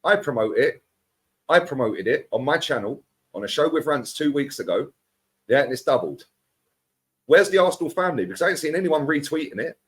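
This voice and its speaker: A man ranting as a football fan pundit, animated and mocking other fans. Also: on the high side, fairly quick. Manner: animated, mocks other fans in put-on voices. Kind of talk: heated fan rant.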